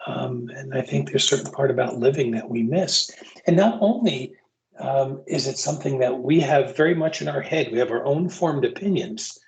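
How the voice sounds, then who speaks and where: A man's voice: medium pitch, moderate pace, vocal fry, a little mellow, rough recording. A man teaching EMS providers in a casual, candid lecture that mixes stories with plain talk. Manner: candid, storytelling, casual asides. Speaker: EMS continuing education instructor.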